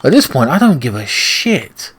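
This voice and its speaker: British man, gaming commentary, profane and ranting, mid-pitched voice. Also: very animated, normal speed, a bit bright, breathy edge. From Britain. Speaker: gaming YouTuber. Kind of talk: let's play commentary.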